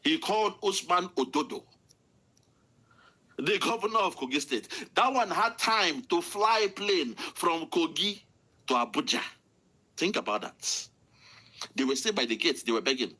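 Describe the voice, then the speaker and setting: A man's voice: a little high, big pitch swings, unhurried, long pauses, bright, forceful tone. Furious Nigerian man ranting. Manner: furious, insulting, repetitive ranting. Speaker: political commentator. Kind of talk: angry political rant.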